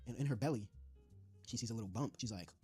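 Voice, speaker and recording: Fast-talking husky young man. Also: lowish voice, soft background music. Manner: slangy, excitable, laughs often. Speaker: streamer. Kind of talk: casual comic recap of a story.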